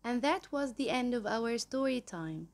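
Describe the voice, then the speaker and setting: A woman hosting her own channel, reading a children's story aloud in a slow, clear storybook manner. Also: fairly high pitch, lively intonation.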